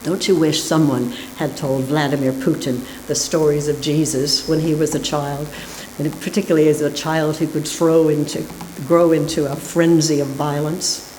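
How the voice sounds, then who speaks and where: A woman's voice: sits low, flat delivery, moderate pace, mellow, poor audio. A woman preaching a sermon who tells a story, taking on character voices in a joke. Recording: faint hiss.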